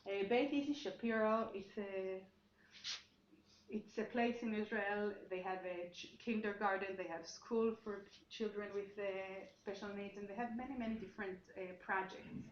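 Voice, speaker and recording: A woman's voice: mid-range voice, fairly even intonation, normal speed. Woman lecturing in an echoey room. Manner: explanatory, thinking aloud with frequent restarts. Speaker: seminar lecturer and researcher. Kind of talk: academic seminar talk. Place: seminar room, indoors. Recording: echoey room, dull sound, faint noise.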